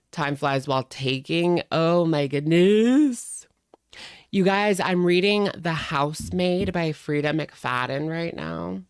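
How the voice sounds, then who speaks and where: A woman's voice: fairly low pitch, takes it slowly, clean tone, dry recording, studio quality. A young woman hosting a live stream, chatting casually in a rambling way and greeting viewers by name.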